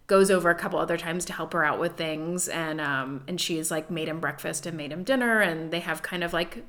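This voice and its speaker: A woman comedian co-hosting a casual chat, with a playful joking manner and a quick laugh. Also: sits low, fairly bright tone. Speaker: comedian co-host.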